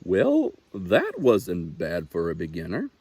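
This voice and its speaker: A man's voice: low-pitched, wildly swooping pitch, slow pace, a little mellow, slightly rough, no room sound, voice pushed down, exaggerated voice. A man voicing a kind young fawn in a storybook reading, friendly and encouraging.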